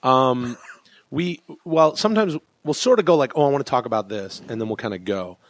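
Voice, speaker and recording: A man's voice: medium pitch, lively intonation, brisk, dry recording. A man guesting on a comedy podcast, rambling and restarting his sentences, often chuckling. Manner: rambling, self-interrupting, chuckling. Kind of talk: casual comedy chat.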